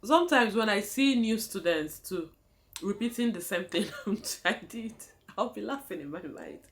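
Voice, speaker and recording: A young woman with a Nigerian accent chats to her viewers in a casual vlog, laughing often as she tells her story. Her pitch swings widely, so her telling sounds animated, and she keeps calling out to her audience as guys. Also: normal speed. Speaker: vlogger.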